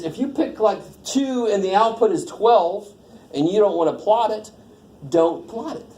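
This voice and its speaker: A math instructor with a slightly high, dark-toned voice teaches a casual lecture, joking informally and quizzing his students. The echoey classroom carries faint ambience.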